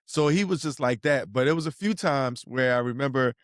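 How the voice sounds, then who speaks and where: A man's voice: medium pitch, a little fast, no room sound. A middle-aged man, telling slangy stories in a casual podcast chat as co-host. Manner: laid-back storyteller, slangy, acts out quotes.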